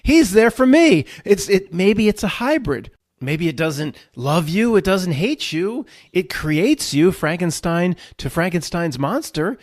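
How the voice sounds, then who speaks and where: A man's voice: high-pitched, lively intonation, measured pace, no echo, clean studio sound. A man giving an irreverent solo monologue and acting out voices. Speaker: vlogger.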